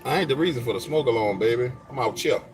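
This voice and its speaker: A man's voice: medium pitch, lively intonation, fast talker, a little hiss or hum. A man in casual live-stream chat, trash-talking viewers and telling stories in loose slang.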